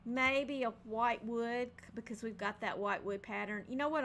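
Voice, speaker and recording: A woman's voice: fairly high pitch, gravelly, a bit bright, slight background noise. Chatty woman narrating a home build. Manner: chatty, thinking aloud with frequent ums. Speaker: game building video creator. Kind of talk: casual gameplay narration.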